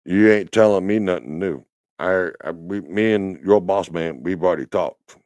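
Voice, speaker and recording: A man's voice: sits low, normal speed, a little mellow, dry recording. A man hosting a trucking talk show, rambling and teasing in casual chat from his truck cab. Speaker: trucking podcast host. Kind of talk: casual chat while driving.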